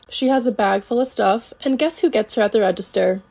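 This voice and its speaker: Young woman, mid-range voice, sassy and animated storyteller, foul-mouthed. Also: medium pitch, fairly quick, vocal fry, few pauses. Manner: sassy, animated, cursing, acts out quotes. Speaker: retail worker. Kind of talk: casual storytime monologue.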